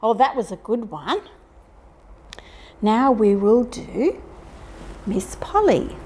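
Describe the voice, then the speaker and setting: An Australian woman leading toddlers through nursery rhymes and action songs, singing and speaking in a slow, exaggerated sing-song with some whispered quiet parts. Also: fairly high pitch, big pitch swings, a little hiss or hum. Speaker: children's librarian leading rhyme time.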